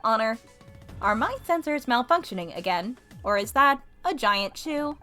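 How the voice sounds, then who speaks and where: A woman's voice: on the high side, big pitch swings, moderate pace, sharp tone, faint music behind. A woman voicing an earnest floating robot sidekick, reading game dialogue aloud in a plain, literal manner. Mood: puzzled.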